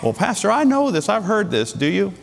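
A middle-aged male pastor preaching a sermon, emphatic, with sudden jumps in pitch and slowed, stressed words. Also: huge pitch swings, gravelly, long reverb tail, a little hiss or hum.

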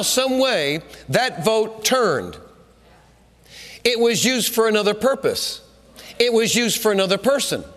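High, lively-voiced man preaching in a hall. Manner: emphatic, repetitive, builds to shouts. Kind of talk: sermon. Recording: hall reverb.

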